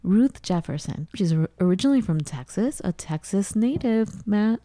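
A woman's voice: mid-range voice, expressive, normal speed, few pauses, mellow. A woman co-hosting a casual talk show from a home kitchen, chatty, gushing and playful. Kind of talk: casual chat.

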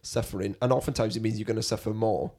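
Man, podcast host, earnest, thoughtful questions, fairly low voice. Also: steady tone, quick pace, a little mellow, breathy edge. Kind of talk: casual interview.

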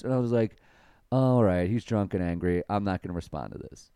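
A man's voice: low-pitched, brisk, warm tone, clear, resonant tone, no echo. A young man co-hosting a podcast, chatting casually and profanely as he tells stories. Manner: profane, storytelling, laid-back. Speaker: podcast co-host. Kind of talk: casual chat.

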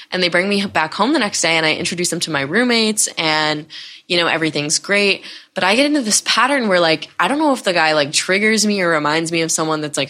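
A young woman hosts her own podcast and tells a long personal story in a loose, candid way, full of "like" and "you know". Her voice sits low for a woman, yet it comes across bright and forceful. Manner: candid, rambling, heavy use of "like". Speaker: podcast host. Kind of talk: casual storytime monologue.

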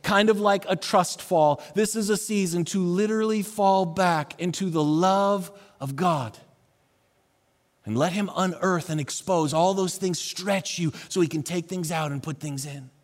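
High-voiced preaching man in a reverberant hall. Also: unhurried. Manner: dynamic preaching, dropping to soft hushed tones. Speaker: pastor. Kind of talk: sermon.

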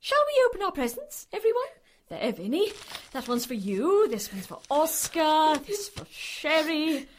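A woman's voice: high voice, very animated, measured pace, slight background noise. A woman playing a pompous, melodramatic middle-aged lady with a northern English accent showing through, in a comedy radio drama. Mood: grand. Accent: northern English, slipping through. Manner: theatrical, swooping, melodramatic.

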